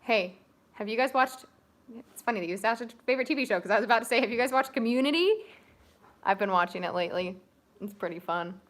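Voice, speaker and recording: A woman's voice: fairly high pitch, expressive, quick pace, a bit bright. A young woman co-hosting a casual livestream, chatting with viewers and giving audition tips. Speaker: co-host of a family livestream. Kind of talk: casual live-stream chat.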